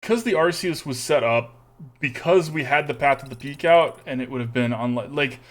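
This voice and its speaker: A young Texan man streams a card game, his mid-range voice moving at a moderate pace. He thinks aloud, muttering and humming to himself as he weighs each play.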